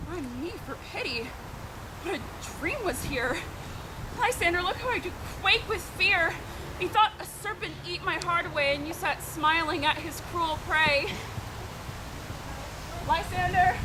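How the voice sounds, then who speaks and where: A woman's voice: very high-pitched, animated, unhurried, long pauses. A woman playing a frightened young woman in a stage play, speaking in urgent, fearful verse. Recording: outdoor recording with loud noise.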